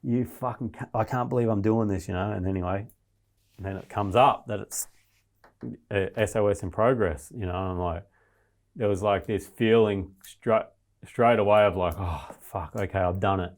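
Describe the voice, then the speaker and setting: A man's voice: low voice, steady tone, moderate pace. A man, a podcast guest, recounting a survival ordeal in casual, heavily sworn storytelling. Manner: swears constantly, restless retelling of his ordeal.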